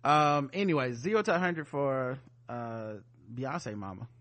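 A man hosting a podcast, talking casually in an animated, rambling way, full of asides and fillers. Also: mid-range voice, measured pace. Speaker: podcast host. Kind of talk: casual chat.

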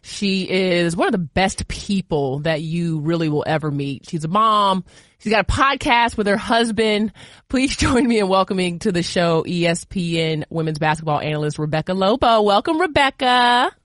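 A woman's voice: fairly low pitch, moderate pace, no echo, studio quality. A woman hosting a podcast, chatting playfully with a guest and laughing easily. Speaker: podcast host. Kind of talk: casual chat, interviewing a guest.

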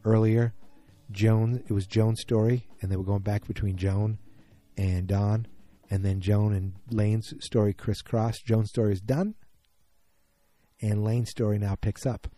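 Man, casual rambling TV recapper, low and very mellow voice. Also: flat delivery, a little slow. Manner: rambling, thinks aloud, often restarts mid-sentence. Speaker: TV episode recapper.

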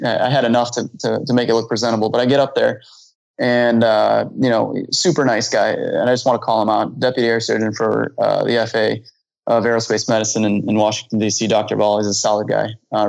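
A man, a flight instructor, telling a story in casual conversation, animated and acting out dialogue, with frequent restarts and repeated words. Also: lowish voice, vocal fry, no echo, rough recording.

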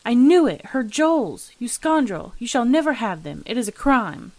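A woman's voice: a little high, big pitch swings, normal speed, darkish tone, no room sound, pitched above the performer's own voice. Woman voicing an anxious, outraged young son. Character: anxious young adult son, defiant man.

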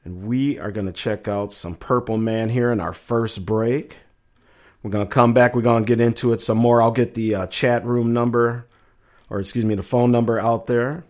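A man's voice: mid-range voice, fairly even intonation, moderate pace. Laid-back chatty male talk host. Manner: loose and chatty, trails off quietly, then livens up for segment intros. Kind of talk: casual live show reading the chat.

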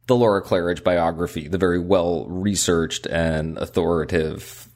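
Deep guy reading a history book out loud, slow and careful, podcast host. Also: steady tone. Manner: measured, deliberate reading.

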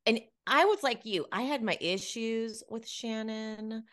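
A woman co-hosting a casual gossip chat, chatty and quick to agree. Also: on the high side, a bit bright. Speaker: podcast co-host.

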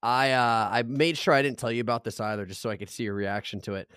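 A man's voice: mid-range voice, quick pace, clean tone, no echo. Casual young guy from arizona telling a story on a podcast, swears a lot, does little voices, dry sound. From Arizona, United States. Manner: animated, swears a lot, acts out voices in his stories. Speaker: podcast co-host.

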